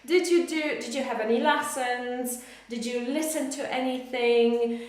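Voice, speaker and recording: Slow-talking Polish woman teaching English. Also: a little high, steady tone, very echoey. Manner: chatty, addresses viewers warmly, reads out comments. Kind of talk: live online English lesson.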